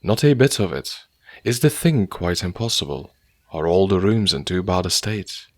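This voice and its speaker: A man's voice: deep voice, lively intonation, normal speed, dry recording. Good-humoured broke young writer, read by a man, earnest, lightly raised, dry recording. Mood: friendly. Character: cheerful poor young male writer. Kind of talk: audiobook character voice.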